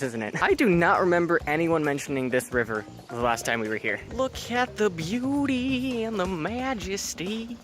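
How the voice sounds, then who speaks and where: A young adult man narrates a casual vlog of a road trip and a campus visit, playful and jokey, slipping into silly voices. His voice is a little high and fairly bright, recorded outdoors on a college campus and in a car with music playing underneath.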